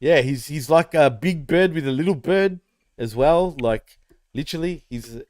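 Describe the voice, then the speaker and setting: A man's voice: a little high, normal speed, a little mellow, dry recording, studio quality. A man co-hosting a casual wrestling podcast, swearing freely, teasing and laughing often. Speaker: podcast co-host.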